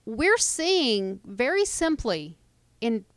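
Woman podcast co-host, a little hoarse, emphatic, agreeable, dry close mic. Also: on the high side, sing-song, slow pace, dry recording. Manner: emphatic, agreeable, makes points. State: hoarse throat. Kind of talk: casual chat recapping a TV episode.

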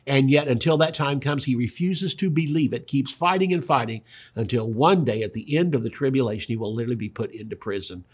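A man preaching a radio sermon, emphatic, his voice sometimes dropping low. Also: a little fast, slightly rough. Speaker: pastor.

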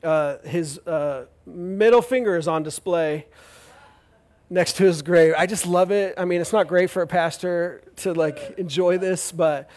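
High-voiced male pastor telling a jokey story. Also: unhurried, a little mellow. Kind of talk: sermon.

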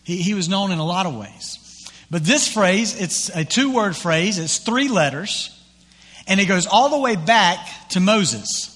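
Man, pastor, sermon, conversational, somewhat high voice, long hall reverb. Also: measured pace. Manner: conversational, animated retelling with acted quotes.

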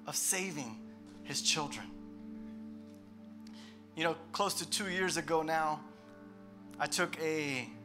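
Emphatic man preaching, bright voice. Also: fairly high pitch. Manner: emphatic, preachy, with sudden swells in loudness. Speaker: pastor. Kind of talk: sermon.

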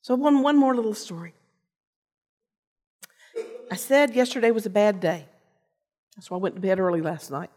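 An older woman giving a personal storytelling sermon, earnest, with pauses and restarts. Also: medium pitch, darkish tone. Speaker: lay preacher and teacher. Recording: long reverb of a large hall.

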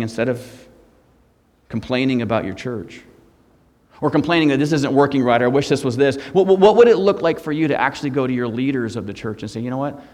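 A middle-aged man, a guest pastor, preaching a sermon with humor, moving between hushed and loud. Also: mid-range voice, in a large hall. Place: church sanctuary.

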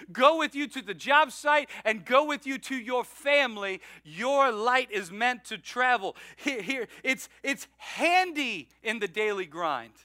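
Male pastor, high bright voice, dry close sound, animated storyteller sermon. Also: no room sound. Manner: storytelling, animated, self-mocking, with laughs. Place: church sanctuary.

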